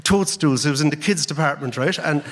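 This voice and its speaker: An Irish man, an author and guest lecturer, tells a story to an audience in a lecture hall in an animated way, full of "right?" and "like.". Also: on the high side, fairly quick. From Ireland. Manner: animated, acts out dialogue, frequent "right?" and "like" tags. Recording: reverberant hall.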